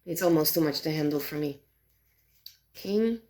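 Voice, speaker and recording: A woman reviewing tarot decks in casual chat, animated and exasperated, swearing freely and talking with many fillers and restarts. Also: low-pitched, normal speed.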